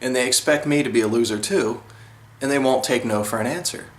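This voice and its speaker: A man's voice: medium pitch, fairly quick. A man talking straight to camera in an indignant, repetitive monologue. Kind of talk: monologue vlog. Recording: roomy echo.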